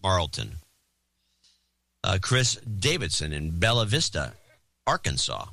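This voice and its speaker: A man with a fairly low voice reads a list of donors on a casual talk podcast, with banter between the names. He plays with the names he mangles. The sound is dry and close. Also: wildly swooping pitch, slow pace, pushed and bright, no room sound. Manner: jokey, mangles and repeats foreign names. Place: Oakland, California.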